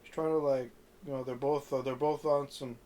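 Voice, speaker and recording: A man's voice: mid-range voice, steady tone, moderate pace, a little mellow, a little hiss or hum. A man casually recapping a film on a podcast, rambling with fillers and swearing freely. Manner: rambling, many fillers, acts out quotes. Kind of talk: casual profane podcast chat.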